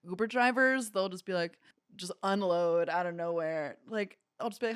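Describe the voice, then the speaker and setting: A woman co-hosting a comedy podcast, casually chatting and telling stories with lively acted-out quotes. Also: fairly low pitch, brisk, no echo, clean studio sound. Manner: animated storyteller, acts out quotes. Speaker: podcast co-host. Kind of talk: casual chat.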